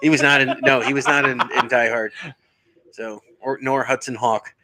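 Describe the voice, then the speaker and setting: A man co-hosting a podcast, trading jokes and movie quotes with a friend and laughing often. His voice is bright and forceful. The sound is dry and close. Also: mid-range voice, fairly even intonation, moderate pace, no echo. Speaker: podcast co-host. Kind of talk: casual banter between friends.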